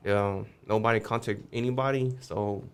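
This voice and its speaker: A man's voice: on the low side, fairly even intonation, normal speed, smooth. A man guest on a podcast, telling a street story casually, swearing freely and acting out the voices of the people in it.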